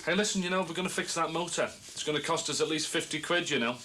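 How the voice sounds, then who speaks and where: A man's voice: fairly high pitch, fast talker, natural voice. An actor playing a cheeky, scheming young man in a TV soap, jokey and wheedling. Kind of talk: TV soap acting. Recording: old TV recording with hiss.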